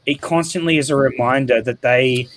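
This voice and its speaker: A man's voice: medium pitch, moderate pace, a little hiss or hum, rough recording. A man co-hosting a heated podcast chat, rambling with lots of fillers and talking over others. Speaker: podcast co-host.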